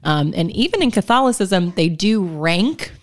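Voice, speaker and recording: A woman co-hosting a faith podcast, explaining ideas in a measured way. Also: mid-range voice, sing-song. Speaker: podcast co-host. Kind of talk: casual chat.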